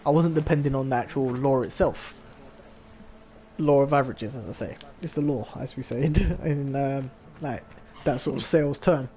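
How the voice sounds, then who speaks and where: A man's voice: mid-range voice, moderate pace, warm tone, slight background noise. A man, chatting casually and telling a long story full of swearing and filler words. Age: 20s. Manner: rambling and profane, full of filler "like". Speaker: vlogger.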